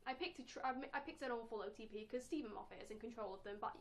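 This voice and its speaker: A young woman with a British accent talks casually to camera in a vlog, answering viewer questions. Her voice sits high, and she rambles along in a playful, chatty way, switching to a squeaky put-on tone when she quotes people. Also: very fast. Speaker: vlogger.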